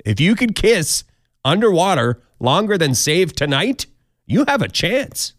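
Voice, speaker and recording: A man's voice: high voice, big pitch swings, a little slow, no echo. A man hosting a podcast countdown of odd news stories, with jokey, wry asides. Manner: jokey, wry asides, mock quoted voices. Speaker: podcast host.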